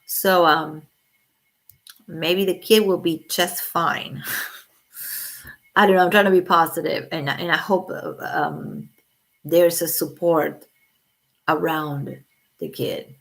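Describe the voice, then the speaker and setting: Blunt mother on a livestream, lower voice, outspoken and profane. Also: takes it slowly, creaky, long pauses. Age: adult with children. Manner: blunt, swears freely, animated opinions. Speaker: livestream host. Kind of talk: casual livestream chat.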